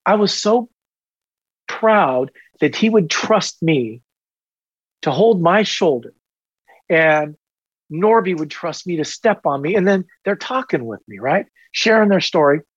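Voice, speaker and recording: Energetic middle-aged man telling stories. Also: fairly high pitch, a little slow, slightly rough, no room sound, dull audio. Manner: energetic, rambling, self-deprecating humor. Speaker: guest, retired police officer. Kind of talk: casual storytelling in a podcast interview.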